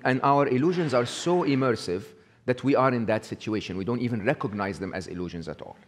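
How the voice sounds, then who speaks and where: A man's voice: medium pitch, a little mellow. A man with an Egyptian accent giving a live talk to an audience, asking them questions and acting out an inner voice, with many fillers and restarts. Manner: interactive, asks the audience questions; acts out the inner voice in quotes.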